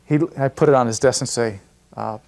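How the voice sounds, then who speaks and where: An older man telling a personal anecdote in a lively, storytelling way. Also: medium pitch, a little fast, creaky. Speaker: devotee recalling memories. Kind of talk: storytelling interview.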